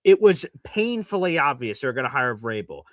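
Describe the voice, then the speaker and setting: A man hosting a live sports talk show, excitable and swearing freely. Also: medium pitch, moderate pace, dry recording. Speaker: host.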